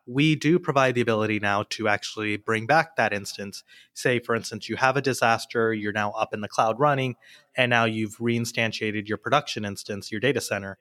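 A man appearing as a podcast guest, methodically explaining technical details in a steady way. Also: fairly low pitch, fairly quick, no room sound. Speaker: podcast guest, product expert. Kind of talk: explanatory tech discussion.

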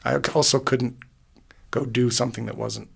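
Middle-aged male musician guest, gravelly voice, heartfelt and rambling, podcast booth. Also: medium pitch, fairly even intonation, moderate pace. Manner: rambling and heartfelt, many restarts. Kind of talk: casual interview conversation.

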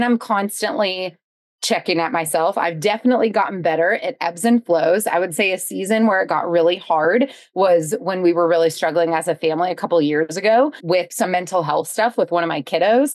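Lady guest on a podcast, kinda low voice, upbeat and reflective, dry close mic. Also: dry recording. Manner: upbeat, reflective, quick asides. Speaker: podcast guest, business coach. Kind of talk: reflective conversational interview.

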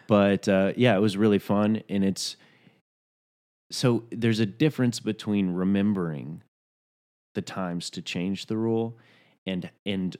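A man's voice: low voice, unhurried, a little mellow. A man who is an actor, talking casually in a thoughtful, reflective way. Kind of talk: casual conversation.

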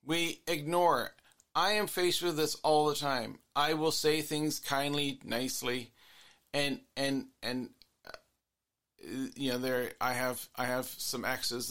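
Alone on the show he hosts, a couples therapist thinks out loud in an earnest, reflective monologue that keeps returning to its points. He speaks in a medium-pitched, somewhat bright voice.

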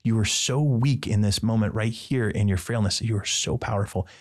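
A man's voice: lowish voice, normal speed, darkish tone. A man, a priest and podcast guest, telling a personal story in casual conversation and acting out the dialogue with playful asides. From Midwestern United States.

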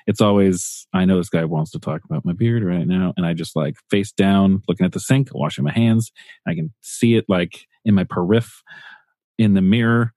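A man's voice: deep voice, normal speed, mellow, no echo. A man co-hosting a casual podcast, chatting in a dry, laid-back way with lots of fillers. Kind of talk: casual chat.

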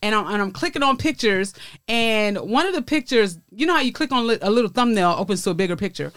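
A woman's voice: mid-range voice, quick pace, no room sound, clean studio sound. Laughing woman comedian telling a story. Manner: lively, laughing storyteller who acts out dialogue. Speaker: comedian guest. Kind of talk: casual storytelling chat. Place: podcast in a wine cellar.

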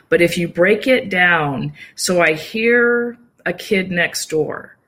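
A woman guest in an interview, talking calmly and explaining at length, now and then acting out short quoted thoughts. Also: on the low side. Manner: calm, explanatory, acts out little quoted inner voices. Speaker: yoga nidra practitioner and guest. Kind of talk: casual interview conversation.

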